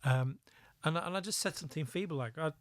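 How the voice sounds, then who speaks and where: Man telling a lively story. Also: on the high side, a little fast, no room sound. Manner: lively anecdotal storytelling, laughs at own story. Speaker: guest, former undercover police officer. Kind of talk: storytelling in a podcast interview.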